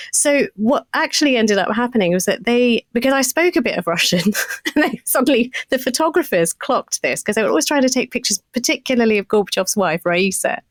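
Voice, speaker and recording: A woman in her fifties, a podcast co-host, telling a story in a casual, animated, self-mocking way and laughing often. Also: medium pitch, dry recording.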